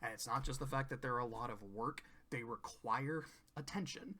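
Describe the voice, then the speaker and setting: A man's voice: mid-range voice, moderate pace, sharp tone. A man casually reviewing cartoon episodes, rambling, laughing often and swearing.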